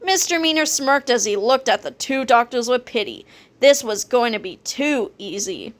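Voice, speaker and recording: A woman's voice: on the high side, moderate pace. Playful woman reading a children's book. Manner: playful, lively storytelling. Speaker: reader. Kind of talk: children's book read-aloud.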